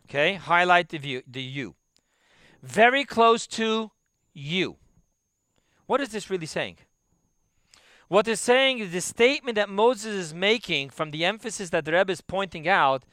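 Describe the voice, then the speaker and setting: Guy giving a torah class, high bright voice, clean and dry sound, keeps repeating the point. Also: clean tone, no room sound. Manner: emphatic, repeats key phrases, drops to quiet asides. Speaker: rabbi teaching a class.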